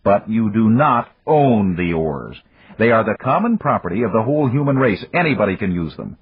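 A man's voice: mid-range voice, big pitch swings, fast talker, slightly rough, voice pushed up. Guy putting on a cocky businessman, teasing, huskier raised voice, dull dry recording. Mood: needling. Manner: breezy, needling, teasing. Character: brash confident male entrepreneur.

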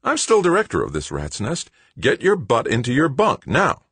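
A man voicing a brisk, commanding woman station director in a storybook reading, firm and bossy. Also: on the high side, wildly swooping pitch, breathy edge, no room sound, pitched above the performer's own voice, exaggerated voice.

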